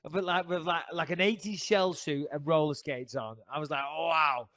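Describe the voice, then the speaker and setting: A man's voice: fairly high pitch, steady tone, normal speed, a bit bright, a little hiss or hum. Sweary Northern English man telling stories. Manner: profane, storytelling banter. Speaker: podcast co-host. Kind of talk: casual chat.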